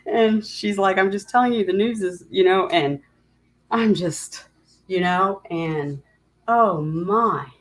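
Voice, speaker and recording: A woman's voice: mid-range voice, slow pace, poor audio. A middle-aged woman hosting a casual livestream chat, talking in a rambling, emotional way and greeting viewers by name. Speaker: livestream host.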